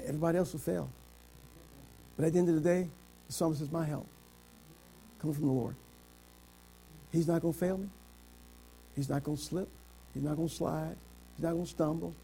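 A middle-aged man preaching a sermon, quoting scripture in old biblical wording and swinging between shouted climaxes and quiet, low passages. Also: brisk, gravelly, pauses often. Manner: quotes scripture in King James wording.

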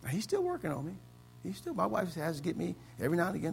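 A man from the States preaching a sermon as pastor, swinging between loud exclamations and low, quiet stretches. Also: wildly swooping pitch, fast, gravelly, a little hiss or hum. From United States.

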